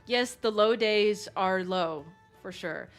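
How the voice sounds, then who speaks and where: A young woman on a livestream speaks slowly at a medium pitch, gushing over her donors with repeated thanks and plenty of laughter. The casual chat has faint music in the background.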